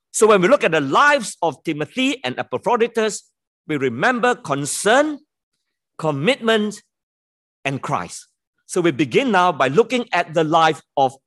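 A man preaching a sermon, repeating key words and leaning hard on them, with a self-deprecating touch. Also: high-pitched. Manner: lively, emphatic pulpit delivery with sudden drops on key words.

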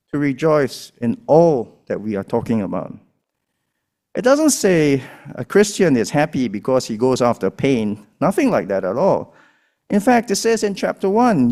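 A man's voice: on the high side, a little mellow. A man preaching a sermon, with emphatic rises and drops in his delivery. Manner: emphatic preaching with rising and falling dynamics. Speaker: pastor.

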